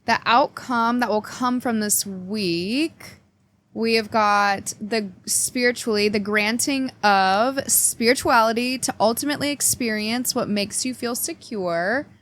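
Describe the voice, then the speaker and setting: A woman's voice: fairly high pitch, a little slow, fairly bright tone, slight background noise. A woman hosting a casual weekly astrology forecast, chatting playfully and cheekily straight to her viewers while reading oracle cards. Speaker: astrology reader and channel host.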